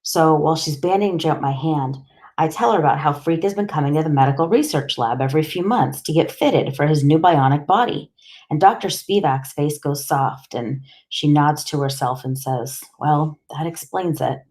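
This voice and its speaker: Low-voiced woman narrating an audiobook. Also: lively intonation, moderate pace, a little mellow. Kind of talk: first-person audiobook narration.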